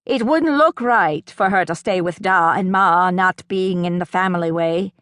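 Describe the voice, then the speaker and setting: A woman reading an audiobook, voicing a kindly, gentle uncle who is a big farmer, in an earnest, reassuring way. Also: on the low side, unhurried, no echo, clean studio sound.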